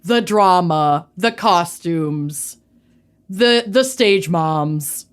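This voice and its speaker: A woman's voice: fairly low pitch, animated, extremely slow, clear, resonant tone. A woman co-hosting a podcast in casual chat, playful and bubbly, stretching words for emphasis. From Minnesota. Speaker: podcast co-host.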